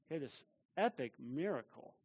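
High-pitched male pastor, animated and emphatic. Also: normal speed, slightly rough. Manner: animated, emphatic, repeats words for stress. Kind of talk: sermon. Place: church.

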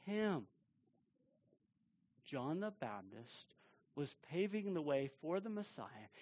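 Guy preaching, kinda high voice, gets animated and leans hard on words. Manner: animated, emphatic, repeats words for stress. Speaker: pastor. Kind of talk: sermon. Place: church.

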